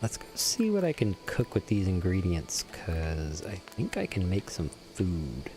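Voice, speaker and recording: A man's voice: sits low, huge pitch swings, measured pace, mellow, soft background music. A young man streaming a game, chatting casually and teasing his viewers as he reads their messages aloud. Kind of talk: casual gameplay commentary.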